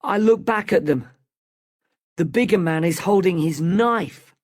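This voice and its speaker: Narrator: a man reading a learners' storybook, slow and careful. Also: high voice. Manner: slow, careful, clearly spoken.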